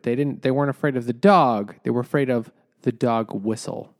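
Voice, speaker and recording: A young man co-hosting a comedy podcast, recounting things in a rambling, halting way with lots of fillers. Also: mid-range voice, no room sound, clean studio sound. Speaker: podcast co-host. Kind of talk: casual comedic chat.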